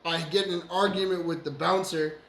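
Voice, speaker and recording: Excitable high-voiced man telling a story. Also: fairly quick. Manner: swearing, laughing, acting out quoted lines loudly. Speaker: podcast co-host. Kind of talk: animated storytelling among friends. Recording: roomy echo.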